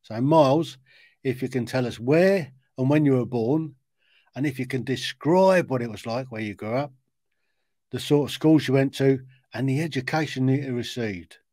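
A man's voice: medium pitch, moderate pace, mellow, no echo, clean studio sound. A man hosting a podcast, asking his guest long open questions in a conversational way. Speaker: podcast host. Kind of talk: podcast interview.

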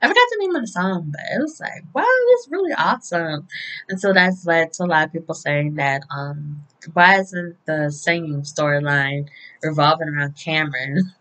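A woman's voice: sits low, normal speed, a bit bright, poor audio. A woman casually recapping a week of soap opera episodes, chatty and often laughing, with occasional swearing.

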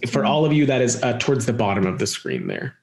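A man running a tabletop game as game master, relaxed and chatty as he describes the scene. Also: mid-range voice, quick pace, vocal fry, noisy background.

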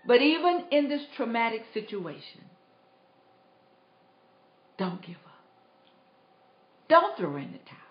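A woman giving an inspirational talk, slow and emphatic, repeating her exhortations in a high, lively voice. The sound is roomy and dull, recorded on a tablet for a livestream. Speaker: inspirational speaker.

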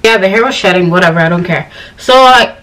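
A woman's voice: on the low side, brisk, recorded from a distance, poor audio. A young woman from Ghana, chatting casually and rambling as a vlogger talking to camera. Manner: chatty, rambling storytelling with animated quoted voices.

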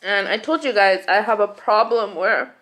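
Bright-voiced young woman, mukbang chat. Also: medium pitch, normal speed. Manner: chatty and confiding, laughs often. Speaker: mukbang host.

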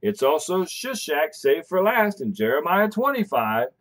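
A man giving a recorded Bible lesson, emphatic and animated, often checking in with "all right". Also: a little high, a little slow. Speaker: Bible teacher.

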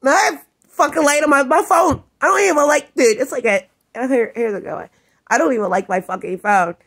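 A woman vlogger in an angry, rambling rant, swearing constantly and often breaking into shouts. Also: sits high, fairly quick. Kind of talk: ranting vlog monologue.

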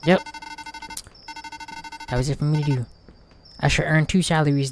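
A man's voice: on the high side, steady tone, moderate pace, long pauses, a little hiss or hum. A man hosting a gaming channel, giving casual, slangy let's play commentary.

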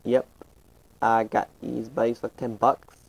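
A man's voice: medium pitch, level tone, a little slow, creaky, low-quality recording. A man giving casual, rambling commentary over his gameplay, often stopping and restarting his sentences. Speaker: gaming channel host.

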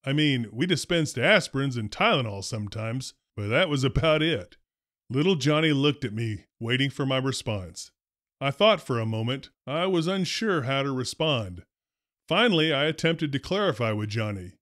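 A man's voice: mid-range voice, normal speed, no echo. Dry, wry man telling school stories. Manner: dry, wry humor, deadpan delivery. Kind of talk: first-person storytelling narration.

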